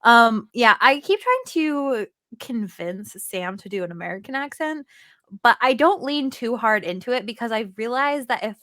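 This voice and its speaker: A woman's voice: fairly high pitch, expressive, normal speed, a bit bright, dry recording, clean studio sound. A young woman hosting a casual podcast, chatty and giggly, with lots of "like" in her talk. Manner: chatty, giggly, says "like" a lot. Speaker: podcast host.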